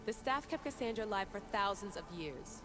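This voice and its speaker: A woman's voice: mid-range voice, lively intonation, brisk, natural voice. An actress playing a determined young woman researcher in a video game cutscene, speaking earnestly and insistently. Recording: reverberant game audio over music.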